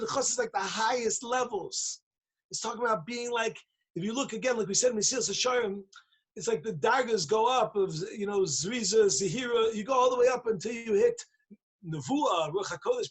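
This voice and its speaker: A man gives a lively Torah talk over a video call, playful and emphatic, acting out the voices in his story. His voice sits high and sounds husky. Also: brisk. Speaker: rabbi giving a daily talk. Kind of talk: animated Torah talk with a joke.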